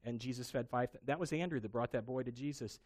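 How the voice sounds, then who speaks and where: A man preaching a sermon, telling a Bible story with animated emphasis. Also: mid-range voice, fast. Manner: animated storytelling, acting out quoted voices. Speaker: pastor.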